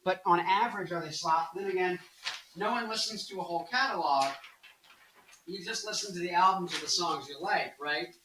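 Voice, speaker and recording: A man's voice: high voice, normal speed, noisy background. A man in his early twenties, a tired rock singer hosting his own channel, talking casually and zanily about music with bursts of mock anger. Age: early 20s. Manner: zany, bursts into loud off-key singing and mock anger. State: tired late in the day.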